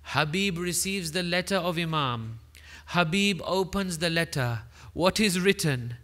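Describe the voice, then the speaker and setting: A man, a sheikh, giving an emotional mourning sermon in short declarative sentences that swell into loud grieving cries. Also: a little high, expressive, a little slow. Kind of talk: emotional Muharram majlis narration.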